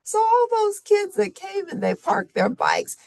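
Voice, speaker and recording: Slow, gravelly woman reading a storybook. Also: very high voice, sing-song. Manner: warm asides to young listeners. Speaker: storybook reader. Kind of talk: reading a picture book aloud to children.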